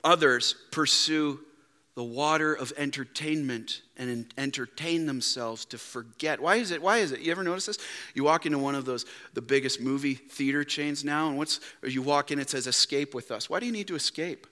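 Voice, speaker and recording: A man preaching a sermon as pastor, emphatic, dropping to quiet rhetorical questions. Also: fairly high pitch, a little fast. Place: church. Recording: long reverb in a church hall.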